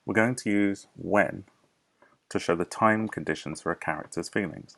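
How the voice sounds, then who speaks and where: Gravelly male teacher giving a lesson. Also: deep voice, normal speed, a bit bright. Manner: clear, patient classroom explaining. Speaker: primary school teacher. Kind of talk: recorded online English lesson.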